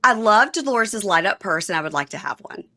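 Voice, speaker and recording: Bright-voiced chatty woman podcast host. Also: mid-range voice, animated, dry recording. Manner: chatty, quick shifts into playful quoted voices. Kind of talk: casual chat and read ad.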